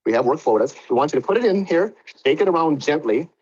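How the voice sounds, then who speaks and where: A man's voice: on the high side, animated, fast, darkish tone, slightly rough. A man voicing a pompous factory manager who lectures his workers in a condescending, over-explaining way, on muffled lo-fi audio.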